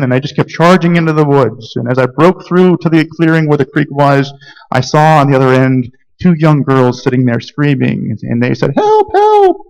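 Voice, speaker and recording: A male pastor from Georgia preaches a sermon, telling stories earnestly with frequent fillers and restarts. His voice is medium-pitched, and the audio quality is poor.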